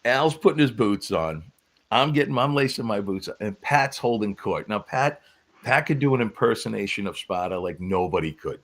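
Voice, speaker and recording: A man who is a former wrestling referee, guest on a podcast, telling stories in an animated, laughing way. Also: lowish voice, moderate pace. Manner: animated storyteller, breaks into laughs. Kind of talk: casual storytelling on a podcast.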